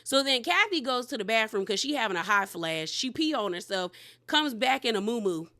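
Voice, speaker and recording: Brief: woman recap host, blunt and slangy, fairly high, bright and forceful voice. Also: lively intonation, brisk. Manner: candid, slangy, emphatic. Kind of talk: casual commentary.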